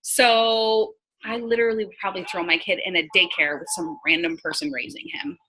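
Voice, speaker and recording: A woman's voice: mid-range voice, steady tone, a little fast, pushed and bright, a little hiss or hum, poor audio. A woman in her thirties from New York, a sales team leader coaching her team in casual, blunt talk and acting out conversations. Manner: chatty, blunt, acts out quoted dialogue.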